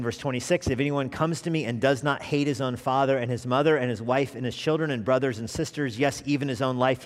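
Animated preacher in a reverberant church. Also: male voice, medium pitch. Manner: animated preaching, dropping to quiet asides. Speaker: pastor. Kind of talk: sermon. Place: church sanctuary. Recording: long reverb of a church hall.

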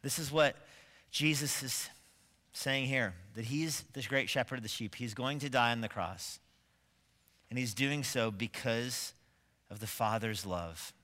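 Emphatic pastor with a bright voice. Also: male voice, mid-range voice, unhurried, big-room sound. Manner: emphatic, building to forceful stresses; asks rhetorical questions of the congregation. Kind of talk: sermon. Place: church sanctuary.

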